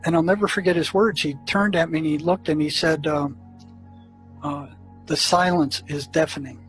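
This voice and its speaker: A man who worked as a therapist in a prison tells stories from his work. He talks earnestly and haltingly, with many restarts and fillers. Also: fairly high pitch, a bit bright, rough recording. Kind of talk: storytelling recollection.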